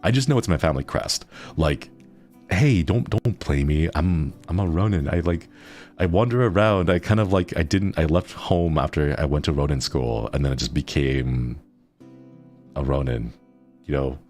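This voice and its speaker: A man's voice: very deep voice, moderate pace, a little mellow, soft background music. A man streaming casual chat with viewers, playful and rambling, often laughing.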